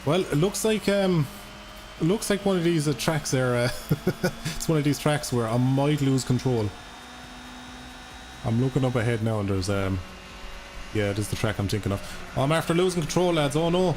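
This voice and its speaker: This Irish streamer, a young man, keeps up casual, expletive-laced commentary for his viewers as he races in a game live. He speaks at a moderate pace in a mid-range, slightly mellow voice. Behind him are racing music and car engines, plus a bit of hiss or hum.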